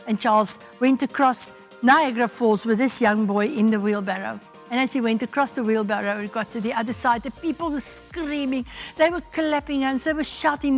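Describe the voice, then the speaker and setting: South african lady pastor, high voice, soft music under her, tells a story like a sermon. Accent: South African English. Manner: storytelling, acts out quoted voices. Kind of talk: devotional sermon.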